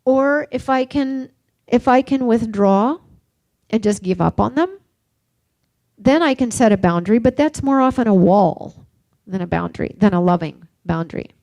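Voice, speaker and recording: An older woman giving a reflective recovery workshop talk, mixing gentle questions with personal stories. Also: fairly high pitch, animated, moderate pace, no echo. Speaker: workshop speaker.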